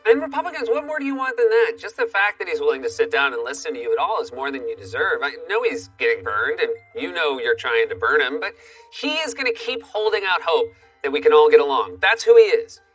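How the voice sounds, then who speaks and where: Late-night comic host, quick and bright, sarcastic monologue, faint music under. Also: male voice, on the high side, expressive, slightly rough, far from the mic, rough recording. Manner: sarcastic, punchy delivery. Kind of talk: comedy monologue.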